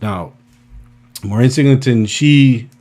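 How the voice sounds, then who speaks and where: Male producer guest, animated storyteller, filler-heavy, medium pitch. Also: slow pace, faint music behind. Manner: animated, acts out quotes, many restarts and fillers. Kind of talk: storytelling anecdote.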